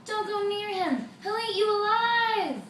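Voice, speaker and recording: A woman voicing a crowd of townspeople who shout and exclaim, in a roomy recording from a distant mic. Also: sits high, lively intonation, moderate pace, a little hiss or hum, voice pushed up. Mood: panicked. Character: angry townspeople, adult crowd, fed up.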